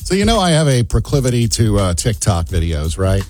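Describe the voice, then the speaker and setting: A man's voice: on the low side, sing-song, fairly quick, darkish tone, faint music behind. A man co-hosting a morning radio show, chatting casually and rambling with lots of fillers. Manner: rambling, self-amused, trails off with fillers.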